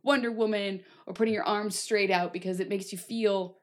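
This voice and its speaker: A young adult woman co-hosting a podcast in casual chat, lively and playful, often acting out quoted voices. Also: mid-range voice, moderate pace. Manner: chatty, acts out quoted voices. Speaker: podcast co-host.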